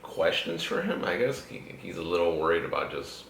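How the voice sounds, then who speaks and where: Young guy hosting a podcast, super deep voice but bright edge, swears a lot, echoey room. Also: sing-song, fairly quick, vocal fry, a little hiss or hum. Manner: laid-back, profane, frequently laughing. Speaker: podcast host. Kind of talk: casual chat.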